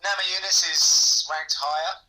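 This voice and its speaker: A man giving fight analysis as a guest, measured and full of hesitant ums, heard over distant call audio. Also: high voice, steady tone, sharp tone.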